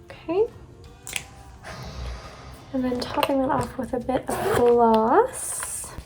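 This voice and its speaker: A woman's voice: high voice, lively intonation, takes it slowly, music in the background. Chatty young woman beauty vlogger. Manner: chatty, talks to viewers as "you guys". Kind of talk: casual get-ready-with-me chat.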